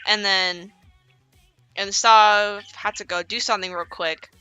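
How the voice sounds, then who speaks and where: A woman's voice: medium pitch, fairly even intonation, normal speed, bright, forceful tone, smooth, dull audio, faint music behind. A woman streamer telling a story on a casual stream, rambling and profane, with lots of fillers.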